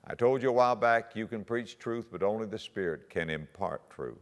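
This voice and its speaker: Lively-voiced preacher in a reverberant hall. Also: male voice, on the low side, brisk. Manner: earnest, exhorting, rises to emphatic peaks. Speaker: pastor. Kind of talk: teaching sermon.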